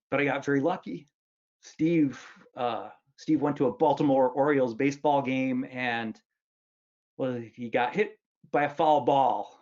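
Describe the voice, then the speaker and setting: The lo-fi recording captures a mid-range, darkish voice: an author in his fifties from Wisconsin giving a luncheon speech. He tells humorous stories at his own expense, often restarting and saying um.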